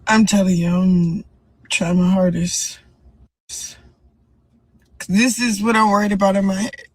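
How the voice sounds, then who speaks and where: Slow-talking earnest woman in a vlog clip. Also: medium pitch, flat delivery, husky, no echo. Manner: earnest, rambling, repeats herself. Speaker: boxer. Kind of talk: emotional vlog confession.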